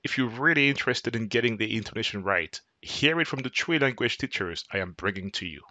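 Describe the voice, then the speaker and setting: A man giving scripted narration for a teaching video, measured and explanatory, with his voice slowing on key words. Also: medium pitch, animated, pushed and bright, dry recording. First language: not Twi.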